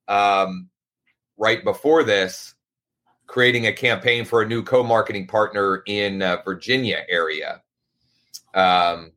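A man's voice: lowish voice, sharp tone. A man hosting a casual live show, talking in a loose, rambling way with frequent restarts. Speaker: host.

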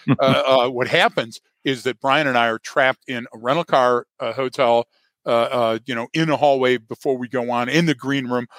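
A man chatting loosely on a podcast, his voice at an ordinary middle pitch. He rambles through a story with plenty of "uh"s and drops jokes at his own expense. The sound is dry and close, with no room around it. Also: a bit bright, dry recording. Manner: rambling, self-deprecating jokes, many "uh" fillers. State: hearing loss. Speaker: podcast co-host, guest. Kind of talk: casual podcast conversation.

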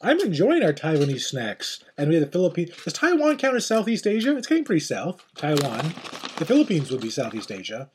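A middle-aged man hosts a casual podcast, his voice sitting a little high and swinging widely up and down. He rambles, jokes and muses aloud over snacks, with a faint hiss behind him. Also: a little fast. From Ireland. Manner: rambling, jokey, animated. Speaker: podcast host. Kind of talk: casual chat.

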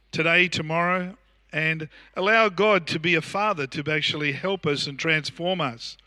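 An Australian man in his sixties delivers a sermon in an easy, anecdotal way, with plenty of fillers and restarts. His voice sits high for a man and rings very bright. The sound is dry and close. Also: no echo. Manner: anecdotal, conversational preaching with frequent fillers and restarts. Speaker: pastor. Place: church.

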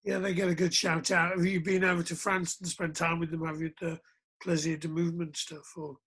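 A man's voice: fairly high pitch, flat delivery, fairly quick, fairly bright tone, husky. A man hosting a casual interview podcast, joking and self-deprecating as he asks questions. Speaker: podcast host.

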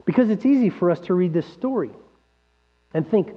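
Man, pastor, sermon, high voice, animated, rhetorical questions, dull lo-fi recording, mains hum. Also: normal speed. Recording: dull lo-fi sound with long hall reverb and mains hum.

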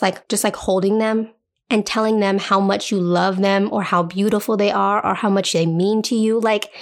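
Chatty woman podcaster with vocal fry. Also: mid-range voice. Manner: chatty and playful, often checks in with "okay?". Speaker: podcast host. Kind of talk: casual solo podcast talk.

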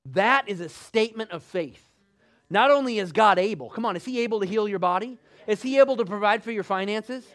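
A man preaching a sermon emphatically, asking the congregation rhetorical questions and rising to loud bursts. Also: high-pitched, lively intonation, a little fast.

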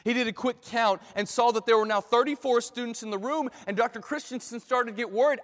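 A man telling a dramatic illustration story in a sermon, in an animated way. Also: very high-pitched, a little fast, few pauses. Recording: long hall reverb.

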